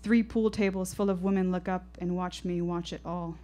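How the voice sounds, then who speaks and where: A woman's voice: on the low side, fairly even intonation, normal speed, mellow. A woman performing an intense, poetic first-person story live on a storytelling stage, with rhythmic delivery.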